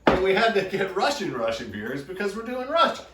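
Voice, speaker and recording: A man's voice: sits high, fairly quick, heavy background noise. A man in his forties co-hosting a home cooking show, chatting casually and joking. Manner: joking, animated. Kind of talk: casual chat. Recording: echoey room, mic at a distance.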